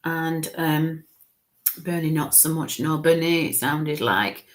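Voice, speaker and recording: A woman medium giving a live spirit reading, talking in halting bits and murmuring soft coaxing asides. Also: sits low.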